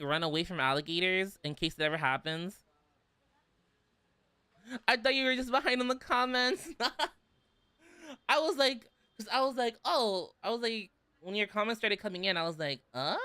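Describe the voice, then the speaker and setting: A young Southern man with an American accent streams as a vtuber, chatting casually and reading comments in a high, pushed, bright voice that stays smooth. He giggles a lot and packs in "like"s as filler, with no room sound in the recording.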